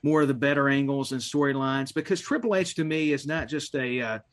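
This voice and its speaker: A man's voice: mid-range voice, fairly quick. Agreeable man rambling on a panel. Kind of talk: casual panel chat.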